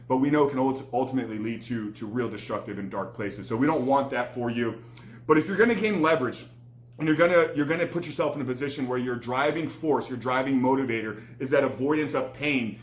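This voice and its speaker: A man's voice: medium pitch, reverberant. A man, a recovery coach, giving an earnest motivational talk to the camera, often repeating words as he restarts.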